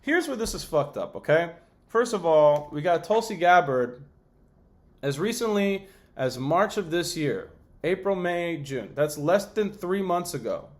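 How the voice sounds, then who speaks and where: A man with a slightly higher-than-usual voice hosts his own podcast. He rants about politics, heated and profane. He throws in sarcastic asides as he goes. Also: expressive, a little slow. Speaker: podcast host. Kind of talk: ranting political commentary.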